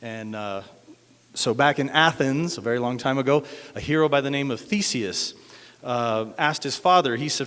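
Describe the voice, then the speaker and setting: A man's voice: medium pitch, normal speed, fairly bright tone, clear, resonant tone. Hesitant man telling a story at an open mic. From Denver, USA. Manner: hesitant, many uhs. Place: cafe event room. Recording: echoey hall.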